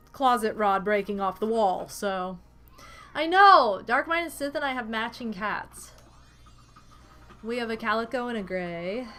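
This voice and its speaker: A young adult woman streaming from her apartment, chatting casually and animatedly with her audience. She giggles often and drops into cooing baby talk. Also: mid-range voice. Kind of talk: casual livestream chat.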